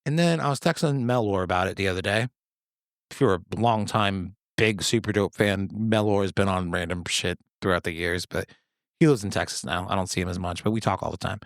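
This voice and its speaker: A man in his thirties talks alone on his podcast, rambling from one story to the next and swearing freely. His voice sits on the low side. The sound is close and completely dry. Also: brisk, dry recording. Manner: rambling, profane, jokey storytelling with sudden high-pitched quoted voices. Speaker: podcast host. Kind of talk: casual solo chat.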